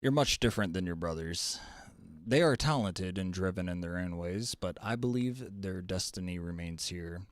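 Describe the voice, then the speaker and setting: A kindly old-world mage father, as a man puts him on, talking to his son with fond, teasing affection. His voice sits somewhat low, and the sound is close and dry. It is a tabletop role-play voice, a little heightened from everyday speech. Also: moderate pace, no room sound, natural voice. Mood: fond, encouraging. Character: kindly middle-aged father, respected male mage.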